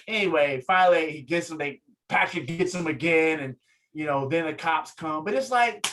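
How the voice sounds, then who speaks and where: Animated, higher-voiced man telling a story. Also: a little fast, low-quality recording. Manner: lively, acts out quotes, swings pitch up in excitement. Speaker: guest, photographer and fighter. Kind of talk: animated storytelling in casual interview.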